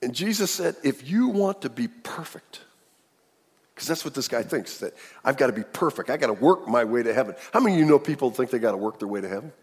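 A husky-voiced male pastor preaches with a lively, swooping delivery, often putting on voices for the people in the story. His voice rings out through a church with a long, trailing reverb. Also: mid-range voice, rapid-fire, hardly any pauses. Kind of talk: sermon.

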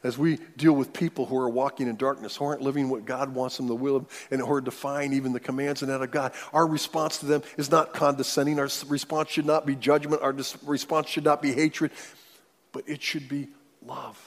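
A man's voice: medium pitch, flat delivery, a little fast. Preacher man in a reverberant hall. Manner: dynamic preaching, swings from loud declarations to near-whispers. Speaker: pastor. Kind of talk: sermon.

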